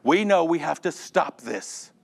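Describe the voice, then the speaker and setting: Animated man teaching a Bible class. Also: a little high, measured pace, creaky. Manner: animated, addresses class members by name, jokes. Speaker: Sunday school teacher. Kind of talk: conversational Bible lesson.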